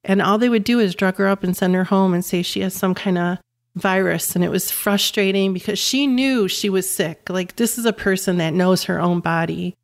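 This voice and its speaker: As an interview guest, a woman in her fifties tells her personal story as a caregiving mother. She's earnest and emphatic and repeats words for stress. Her voice is mid-range, at a normal speed.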